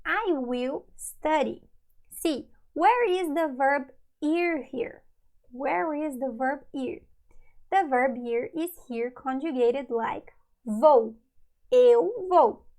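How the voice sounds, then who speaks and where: A woman's voice: sits high, gravelly, a little mellow, poor audio. A woman teaching a lesson, patiently repeating each example. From Brazil. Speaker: Portuguese teacher. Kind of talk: online language lesson.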